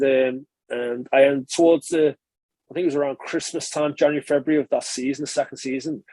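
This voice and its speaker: A man, a former rugby player, recalls his career in a relaxed interview, rambling and correcting himself as he goes. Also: medium pitch, husky, dry recording. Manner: chatty, rambling recollection, frequent filler and self-correction. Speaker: former professional rugby player, podcast guest.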